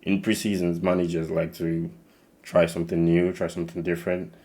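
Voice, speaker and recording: Young man, Nigerian-tinged accent, very deep voice, monotone, rambling casual channel intro. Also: fairly quick, slight background noise. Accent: Nigerian English mixed with slight American. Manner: rambling, many restarts and fillers. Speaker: channel host.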